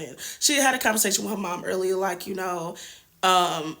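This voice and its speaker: Young woman, review show host, casual recap, slangy and sassy asides, bright sharp tone. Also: mid-range voice, brisk.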